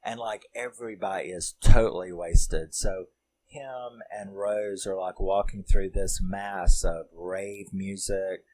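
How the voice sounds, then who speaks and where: Low-voiced male reviewer, mellow, rambling, swears. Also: steady tone, slow pace, poor audio. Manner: rambling, emotional, swears, many fillers. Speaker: film reviewer. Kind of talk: casual film recap.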